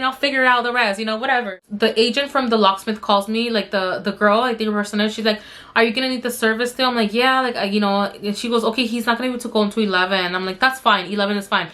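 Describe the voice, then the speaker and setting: A woman's voice: fairly high pitch, fairly even intonation, fast talker, pushed and bright. A young adult woman vlogger telling a story in a chatty, rambling way with many fillers while doing her makeup. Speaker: beauty vlogger.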